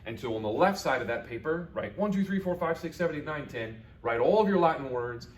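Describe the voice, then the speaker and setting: A man teaching a recorded video lesson for children, repeating each word slowly for learners. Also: on the high side, animated, a little hiss or hum. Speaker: Latin teacher.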